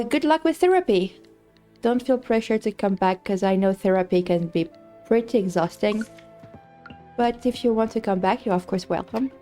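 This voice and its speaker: A woman's voice: on the high side, warm tone. A woman streaming a game live, chatting casually and thinking aloud, rambling with many fillers and restarts. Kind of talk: casual live-stream chat while gaming.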